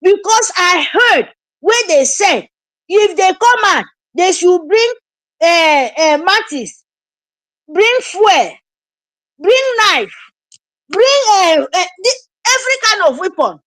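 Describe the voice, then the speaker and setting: A woman's voice: very high voice, expressive, slow pace, a bit bright, no echo. A woman with a Nigerian accent giving an impassioned political address, repeating her points with urgent pleading. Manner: emphatic, repetitive, urgent pleading. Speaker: activist commentator.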